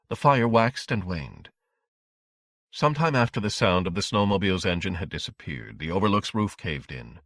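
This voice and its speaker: A man reading a horror audiobook in a measured, dramatic storytelling manner. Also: low voice, fairly bright tone, no echo, studio quality. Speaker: audiobook narrator. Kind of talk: scripted audiobook narration.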